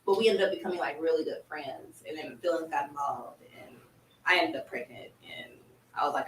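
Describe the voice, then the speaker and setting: A woman's voice: low-pitched, moderate pace, slight background noise. A woman in her thirties telling her life story as a podcast guest, laughing often and acting out the voices of the people in it. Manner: animated, laughing often, acts out quoted voices. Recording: echoey room, distant mic.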